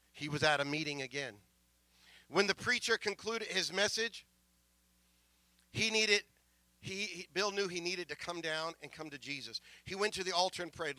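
Emotional preacher man, bright and dry. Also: on the high side, normal speed, no room sound. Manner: emotional, rising from soft asides to loud proclamations; stammering restarts. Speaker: pastor. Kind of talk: sermon storytelling.

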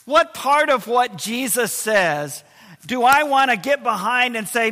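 A pastor delivers a sermon in a high, sharp male voice that rings out through a reverberant hall. He slows down to stress key words and sometimes lets his voice sink low and quiet. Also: expressive. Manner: emphatic preaching, slowing to stress key words, voice dropping low and quiet at times.

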